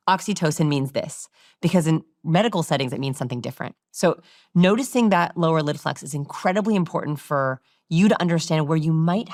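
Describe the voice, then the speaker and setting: A middle-aged woman speaks as an expert guest on a podcast, explaining social cues in an easy conversational way. She often breaks into little acted examples of how people sound. Her voice sits low, recorded close and dry with no room sound. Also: no echo. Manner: animated, demonstrates vocal inflections. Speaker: guest expert on body language.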